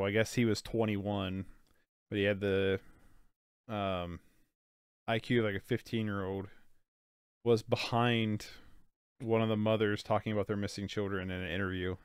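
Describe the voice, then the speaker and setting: A man's voice: on the low side, level tone, moderate pace, long pauses, clean tone, no room sound, studio quality. A sleepy young man with a stuffed-up nose, rambling casually through a movie watch-along and saying "like" a lot. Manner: rambling, filler-heavy, says "like" often. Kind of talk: casual movie reaction commentary.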